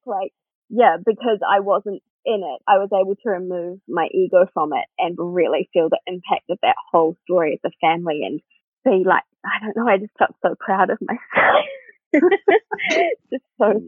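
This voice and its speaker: A woman's voice: medium pitch, normal speed, husky, no room sound. A woman guest, an actress, chatting in an interview and telling a story animatedly with plenty of laughter. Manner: animated storyteller who acts out quoted voices, laughing often. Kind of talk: casual interview chat. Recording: tinny phone-like line, dry.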